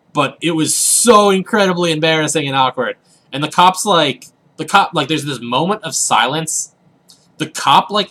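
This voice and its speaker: A man's voice: a little high, pushed and bright. A young man casually rambling through a story while commenting on a video game, full of fillers and asides. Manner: rambling, filler-heavy, chatty. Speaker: let's play host.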